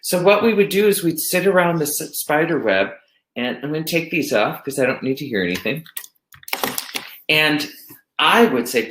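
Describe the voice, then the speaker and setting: A man who teaches elementary music, presenting a workshop in a chatty way and now and then singing a children's song slowly. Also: fairly high pitch, bright, forceful tone. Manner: chatty, demonstrates songs by singing them slowly. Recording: roomy echo.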